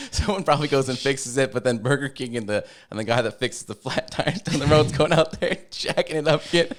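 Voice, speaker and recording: A man co-hosting a casual podcast, easygoing and quick to laugh, often answering with short agreeing words. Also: medium pitch, expressive. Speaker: podcast co-host. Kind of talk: casual chat.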